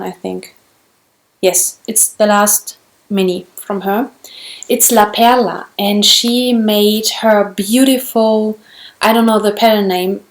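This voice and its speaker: A German woman with a German accent, chatting casually in English on her knitting vlog, gushing over yarn and restarting often. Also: mid-range voice. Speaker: knitting vlogger. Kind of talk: casual show-and-tell.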